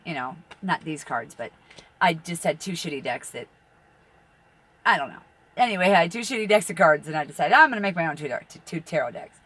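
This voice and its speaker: A woman's voice: fairly low pitch, a bit bright, breathy edge. A middle-aged woman who reads tarot, talking in a rambling, blunt, profane monologue and laughing through her stories. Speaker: tarot reader.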